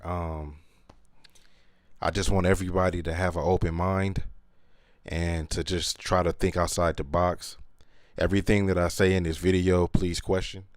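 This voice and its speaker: A man's voice: low voice, no echo, clean studio sound. A man hosting his channel in a casual, earnest monologue, talking slangy with many fillers. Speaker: channel host.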